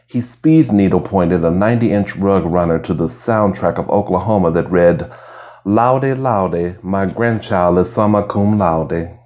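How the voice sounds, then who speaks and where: Deep-voiced man reading softly, ASMR. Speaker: reader. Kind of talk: soft ASMR reading of essays. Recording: lo-fi home recording.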